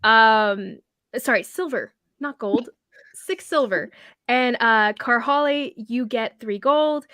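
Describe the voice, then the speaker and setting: A woman running a tabletop game, narrating in a rambling way full of fillers and quick corrections. Her voice is a little high. The sound is dry and close. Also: a bit bright, no room sound. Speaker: game master.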